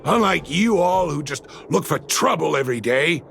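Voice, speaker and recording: A gruff stubborn father, gravelly voice, lively pitch, defensive, game character. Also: moderate pace, slight background noise. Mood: defiant. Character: gruff middle-aged father, a stubborn mine leader. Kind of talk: game voice acting.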